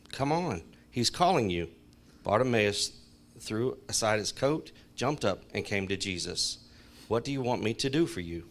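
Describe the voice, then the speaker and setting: A man in a church Bible class reading a scripture passage aloud, clear and expressive. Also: lowish voice.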